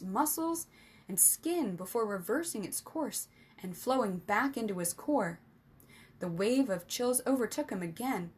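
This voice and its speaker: A woman reading an adventure storybook aloud as the storyteller, with lively, expressive narration. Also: fairly high pitch, breathy edge.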